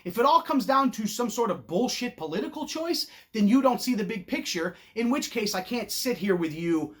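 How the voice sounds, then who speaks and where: Loud profane man ranting. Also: extremely high pitch, big pitch swings, moderate pace. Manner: profane, sarcastic, mocking put-on quotes; loud and blunt. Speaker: host. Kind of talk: ranting opinion monologue.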